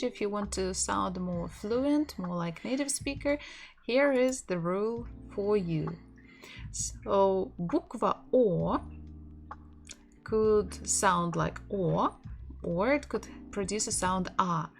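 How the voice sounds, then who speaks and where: A woman teaching a language lesson in English, explaining patiently with restarts and little laughs. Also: mid-range voice. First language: Russian.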